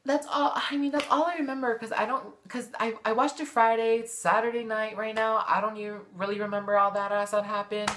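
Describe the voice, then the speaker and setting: A woman's voice: on the high side, little pitch movement, brisk, few pauses, a bit bright, a little hiss or hum. A woman vlogger giving a sassy, gossipy, profane recap of a TV show in casual chat.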